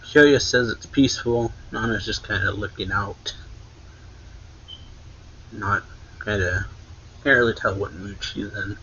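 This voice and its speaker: A man's voice: on the low side, a little slow, pauses often, pushed and bright, dull audio, a little hiss or hum. A man casually recapping a manga chapter for a reaction channel, rambling along with lots of "like" and self-corrections. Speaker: anime reaction channel host.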